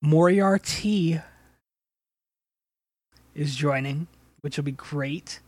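A man's voice: a little high, extremely slow, darkish tone, no echo, clean studio sound. A man hosting a casual podcast, rambling with frequent laughs and casual swearing. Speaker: podcast host and game master.

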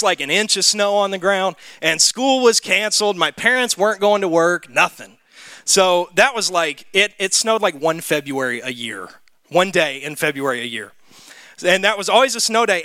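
Young man, church testimony, chatty with lots of fillers; bright, crisp tone. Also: high voice, no echo. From Mississippi, USA. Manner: storytelling with many fillers. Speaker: church speaker. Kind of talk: sermon testimony.

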